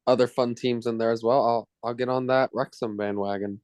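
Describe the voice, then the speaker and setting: A man chatting as a guest on a football podcast in a relaxed way, correcting himself as he goes. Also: mid-range voice, brisk, clear, resonant tone, no echo. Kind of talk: casual chat.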